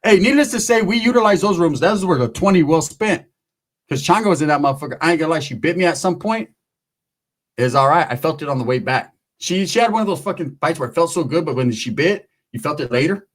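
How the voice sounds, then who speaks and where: A man's voice: fairly high pitch, lively intonation, fast talker. A man telling a long, profane, rambling story in casual talk, acting out the other people in it.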